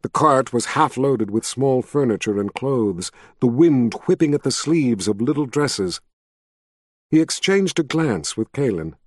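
A man reads a fantasy novel aloud in a steady, measured storytelling voice. His pitch sits in the middle range, neither deep nor high. The recording is dry and close, with no room echo. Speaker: audiobook narrator. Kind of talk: scripted narration.

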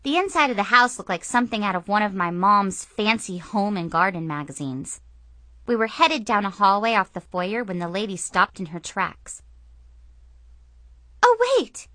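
A woman narrating a children's story aloud with expressive storytelling. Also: mid-range voice, moderate pace, dry recording. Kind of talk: audiobook narration.

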